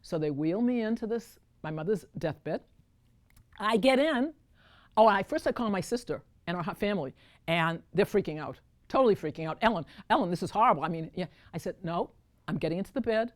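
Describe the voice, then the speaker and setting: A woman's voice: medium pitch, moderate pace. A woman performing a one-woman storytelling show, talking straight to the audience and calling them folks. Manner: animated, addresses audience as folks. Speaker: solo stage performer.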